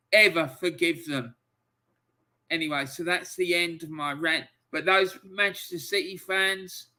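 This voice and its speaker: A man's voice: a little high, sharp tone. A man hosting a football livestream, ranting angrily and emotionally, swearing and reading out chat messages. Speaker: football channel host.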